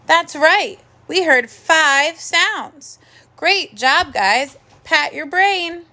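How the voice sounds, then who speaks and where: Slow, bright-voiced woman teaching phonics. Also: high-pitched, lively intonation. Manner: slow, clear, encouraging teacher talk with drawn-out sounds. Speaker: first grade teacher. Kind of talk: recorded phonics lesson.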